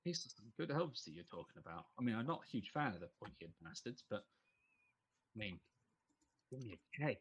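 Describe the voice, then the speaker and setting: A man voicing a blunt, gruff male dwarf who loves guns, in a tabletop game. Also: mid-range voice, sing-song, a little fast, long pauses, lo-fi sound.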